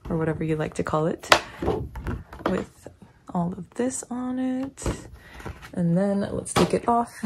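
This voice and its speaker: A young woman giggling and gushing excitedly as she unboxes and comments on a photobook. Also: medium pitch, background noise. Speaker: unboxing vlogger.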